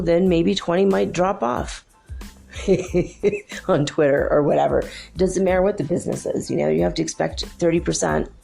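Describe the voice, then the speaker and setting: This middle-aged woman hosts her show with a deep, dark voice full of vocal fry. She tells a story to her listeners in a chatty, exasperated monologue peppered with fillers.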